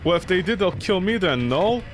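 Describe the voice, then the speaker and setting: A man's voice: high-pitched, animated, normal speed, soft background music. A man streaming a horror game, rambling and joking as he talks back at it. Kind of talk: let's play commentary.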